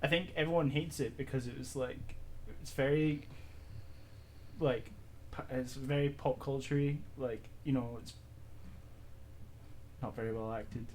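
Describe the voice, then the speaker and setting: A man with an average-pitched voice talks loosely on a podcast, halting often with fillers and restarts. A faint hiss of noise sits under his voice. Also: fairly even intonation, darkish tone. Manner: hesitant, many fillers and restarts, laughs easily. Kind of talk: casual podcast chat.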